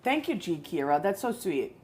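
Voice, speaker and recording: A woman's voice: on the low side, very animated, moderate pace, darkish tone, slight background noise. A woman hosting a casual live cooking stream, chatting with viewers and explaining recipes in a rambling, friendly way. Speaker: cooking show host.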